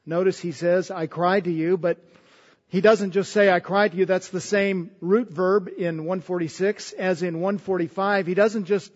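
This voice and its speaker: High-voiced man preaching in a reverberant hall. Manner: earnest, repeats words while preaching. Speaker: pastor. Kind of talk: sermon. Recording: dull sound with long hall reverb.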